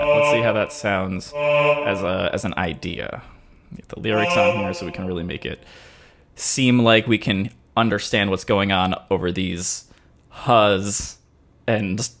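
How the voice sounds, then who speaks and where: A man who composes and teaches music, talking casually as he works out a melody and speaking lines out loud to test their rhythm. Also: lowish voice, measured pace. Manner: relaxed and chatty, says melody lines out loud to feel the rhythm.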